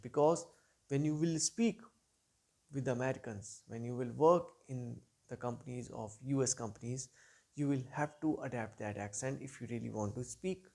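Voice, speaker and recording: A man coaching viewers on spoken English in a straight-to-camera lesson. His mid-range voice has a gravelly, fry-edged texture. He delivers earnest, repetitive advice, his loudness rising and dipping as he goes. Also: medium pitch. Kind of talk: instructional video monologue.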